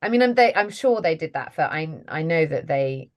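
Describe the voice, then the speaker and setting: Woman, low voice, chatty interview guest, self-deprecating, laughs often. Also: lively intonation, moderate pace. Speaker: voice actress, guest. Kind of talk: casual interview chat.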